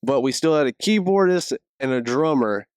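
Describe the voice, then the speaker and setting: A young man hosting a casual church podcast as youth pastor, telling stories with lively quoted voices. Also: normal speed, no room sound, studio quality. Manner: animated storyteller, acts out quotes in high voices. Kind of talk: casual interview chat.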